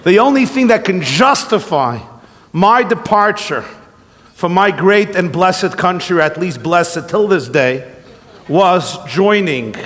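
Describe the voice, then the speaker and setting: A man, a rabbi giving a humorous keynote speech at a gala, telling stories in an animated, joking way. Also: high voice. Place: large event hall. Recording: long reverb from a large hall.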